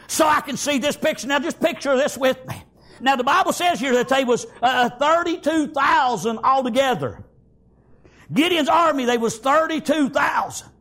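A man preaching a fervent sermon, peppering his words with "praise God" and "amen" and often breaking into shouts. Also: very high voice, expressive, normal speed.

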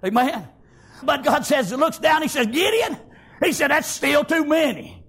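A man delivers a fervent sermon in a very high-pitched, animated voice, taking his time. He sprinkles in "praise God" and "amen" and frequently erupts into shouts.

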